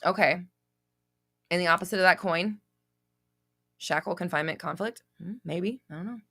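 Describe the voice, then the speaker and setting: Female live host, bright edge, lowish voice, blunt and foul-mouthed, casual chat. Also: normal speed. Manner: blunt and profane, reads viewer comments aloud.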